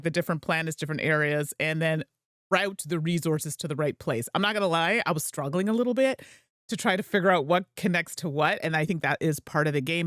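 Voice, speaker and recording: A woman's voice: fairly low pitch, fairly bright tone, no echo. Chatty woman streamer, dry sound. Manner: chatty, rambling, laughs easily. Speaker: host and streamer. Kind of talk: casual gameplay livestream chat.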